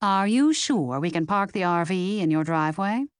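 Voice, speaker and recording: A woman voicing an exuberant middle-aged mother who talks loudly and with enthusiasm. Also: fairly low pitch, expressive, moderate pace, smooth, no echo, studio quality, natural voice. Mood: gushing. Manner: loud, enthusiastic.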